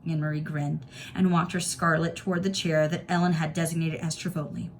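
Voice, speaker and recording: A woman teacher reading a novel aloud to students in clear, steady storytelling. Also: deep voice, fairly quick, slight background noise.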